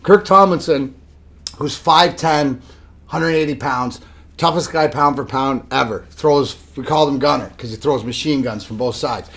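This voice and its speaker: A middle-aged man, a former hockey tough guy, telling animated stories in a casual chat. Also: moderate pace. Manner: animated, shifts pitch for dramatic storytelling. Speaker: podcast host, former hockey enforcer.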